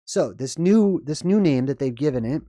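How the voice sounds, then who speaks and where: A man's voice: a little high, animated, moderate pace, warm tone, dry recording, studio quality. A man giving casual, rambling commentary on a horror movie and often checking in with "right?" and "okay?". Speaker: video commentator.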